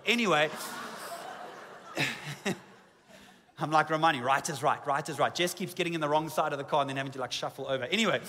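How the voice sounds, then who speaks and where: Bright-voiced man preaching in a reverberant hall. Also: sits high. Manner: humorous, self-deprecating asides; repetitive emphatic lists. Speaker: pastor. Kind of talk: sermon. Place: church auditorium. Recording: long hall reverb in a church.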